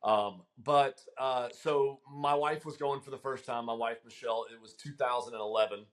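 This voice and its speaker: Speaking at a moderate pace in a mid-range voice, a middle-aged guest caddie chats casually through a long story. He's animated, laughs often, and says um a lot.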